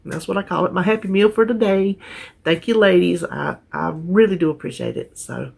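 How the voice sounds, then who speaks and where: A woman's voice: on the low side, normal speed, gravelly, slightly rough. A woman chatting casually to camera as a vlogger, talkative and heartfelt. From North Carolina, USA. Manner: chatty, warm-hearted, trails off and restarts.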